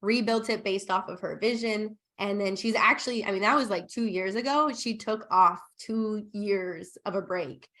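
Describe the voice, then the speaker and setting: A woman guest on a podcast, retelling a client story in a bubbly, animated way, acting out what people said. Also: medium pitch, moderate pace, few pauses. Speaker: podcast guest, operations consultant. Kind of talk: casual storytelling in interview.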